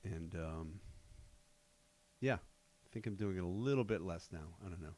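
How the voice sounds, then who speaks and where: A man hosting a podcast, chatting casually with measured, dry humor. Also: low voice, a little mellow, dry recording. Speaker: podcast host.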